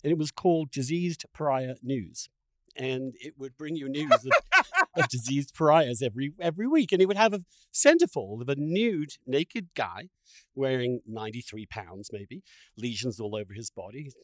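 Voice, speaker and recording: Male host, wry dark humor, expressive lively pitch, dry sound. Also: normal speed, no room sound. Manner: wry, darkly humorous, laughs while talking. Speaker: podcast host. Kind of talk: casual conversation.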